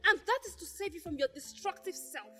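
A woman's voice: very high-pitched, lively intonation, fairly quick, in a large hall, music in the background. A woman playing an angry young woman who confronts and demands answers.

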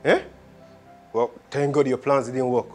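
A man's voice: medium pitch, steady tone, unhurried, darkish tone, close to an everyday voice. Guy doing a stern friend telling someone off, normal voice, a little music behind. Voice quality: stern, reproachful. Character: blunt male friend scolding a liar. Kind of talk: amateur drama acting.

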